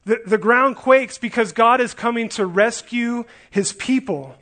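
High-pitched male preacher, earnest and emphatic, expository sermon. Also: measured pace, fairly bright tone. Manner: earnest, emphatic, with frequent restarts and rhetorical questions.

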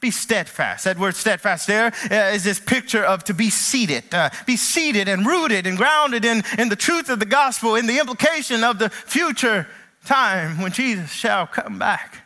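A man with a high, bright voice preaches a sermon as pastor. He speaks earnestly and tells stories with lively energy. On his key phrases he sinks low and slows down. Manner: animated storytelling with acted quotes.

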